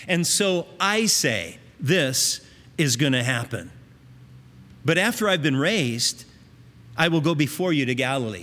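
A man's voice: fairly high pitch, a bit bright, big-room sound. A man preaching a sermon, teaching in an earnest, conversational way with emphatic rises.

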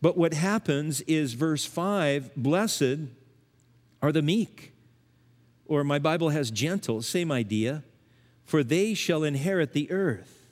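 A man's voice: animated, slow pace. Earnest older man preaching in a reverberant hall. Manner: earnest, swings between emphatic rises and hushed low lines. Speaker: pastor. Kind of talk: sermon.

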